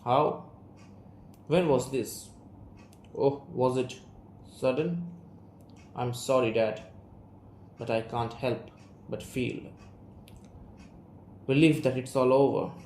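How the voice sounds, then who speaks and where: This is a withdrawn young writer pushing his family away, read by a young man. He speaks with an Indian English accent in a slow, gravelly, restrained voice. The recording is roomy, with faint background hiss. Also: mid-range voice, darkish tone. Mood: guarded. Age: young adult. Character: young man, guarded, estranged son and writer. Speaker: student reader. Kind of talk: reading an audio play aloud.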